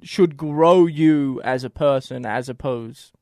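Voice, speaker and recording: A man's voice: medium pitch, slow, darkish tone, dry recording, studio quality. A man from Australia with an Australian accent, co-hosting a casual chat in an earnest, rambling way with many restarts. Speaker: podcast co-host.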